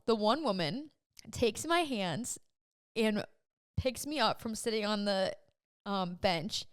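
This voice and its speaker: A young woman with a smooth, clear voice tells a personal story on her podcast, recorded dry and close to the mic. She talks in an earnest, emotional, chatty way, with plenty of "like" in her speech. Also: medium pitch, a little slow, no echo. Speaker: podcast host.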